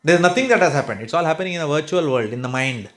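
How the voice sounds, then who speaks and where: A Mumbai man with an Indian English accent gives a conversational spiritual talk to a home group, his voice fairly high, bright and animated as he speaks in rapid-fire bursts. He is wry, sometimes sarcastic, and keeps checking in with "right?" and "hmm?".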